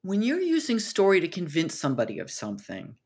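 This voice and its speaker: A woman author, a podcast guest, explaining storytelling with lively retellings of film scenes. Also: fairly low pitch, a little fast, breathy edge. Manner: animated, acts out dialogue in quotes.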